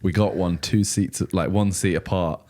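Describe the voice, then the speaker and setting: A man's voice: low voice, fairly even intonation, normal speed, a little mellow. A man co-hosting a casual podcast, cutting in with dry, teasing remarks. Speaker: podcast co-host.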